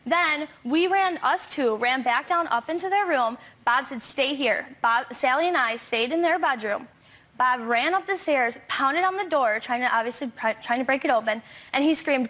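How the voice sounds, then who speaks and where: A young woman tells her side in a rapid, breathless rush. Her voice sits high. She stays defensive while she lays out the timeline. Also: fairly bright tone. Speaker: talk show guest, accused girlfriend. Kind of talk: defensive recounting on a talk show.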